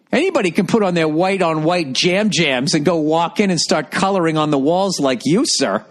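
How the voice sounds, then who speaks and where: A middle-aged man ranting profanely and sarcastically as a podcast host, reading out listener comments and firing back. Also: sits high. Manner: reads listener comments aloud and answers them. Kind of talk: ranting monologue.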